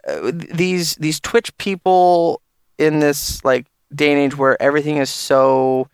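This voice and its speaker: A man's voice: on the high side, a little slow, smooth, dry recording, clean studio sound. A man in a casual podcast chat, crude and joking, rambling with restarts.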